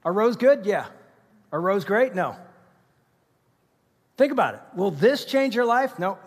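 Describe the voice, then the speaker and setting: A middle-aged man preaching a sermon to his congregation, talking in an animated, conversational way with asides to the crowd. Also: sits high, a little slow. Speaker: pastor. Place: large church auditorium. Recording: reverberant church auditorium.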